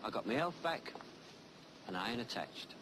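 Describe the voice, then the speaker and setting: Male actor as a young Cockney charmer, reflective and low-key, in a noisy vintage film recording. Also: very animated, normal speed, lightly acted. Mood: wistful. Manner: quiet, musing, reflective monologue. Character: young working-class London ladies' man, brooding. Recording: noisy old film soundtrack.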